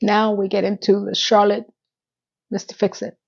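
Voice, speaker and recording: A woman's voice: mid-range voice, flat delivery, normal speed, creaky, muffled recording. A woman recapping a TV episode in casual, sarcastic commentary with frank asides.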